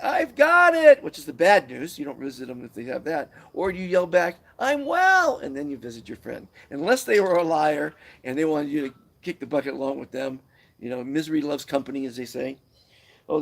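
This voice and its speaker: Gravelly, husky man giving a lively pep talk. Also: fairly high pitch. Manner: animated, preachy, stumbling restarts. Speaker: motivational speaker. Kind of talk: live-streamed pep talk. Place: Guatemala, where he lives.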